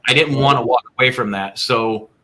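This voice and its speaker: A man with a bright, mid-pitched voice tells stories from his paranormal investigations in relaxed podcast talk. He jumps in with quick asides and keeps it conversational. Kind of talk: casual podcast chat.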